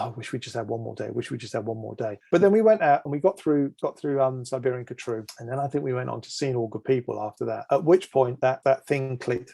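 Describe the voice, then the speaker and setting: A man, a keyboard player being interviewed, telling lively stories and acting out what people said, often restarting his sentences. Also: medium pitch, gravelly. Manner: animated anecdotes, acting out quoted dialogue; frequent restarts and self-corrections. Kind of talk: casual interview storytelling.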